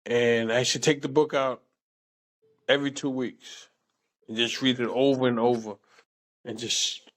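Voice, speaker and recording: A man in his sixties, an interview guest telling casual stories in a salty, animated way, often adding "man". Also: medium pitch, a little slow, pauses often. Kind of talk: casual storytelling.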